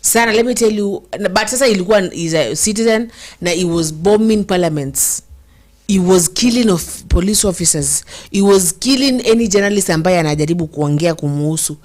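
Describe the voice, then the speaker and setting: A woman's voice: fairly low pitch, a little mellow. A young Kenyan woman hosting casual commentary, reading viewer comments and mixing English and Swahili with feeling. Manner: code-switches English and Swahili, emotional, slows to stress words.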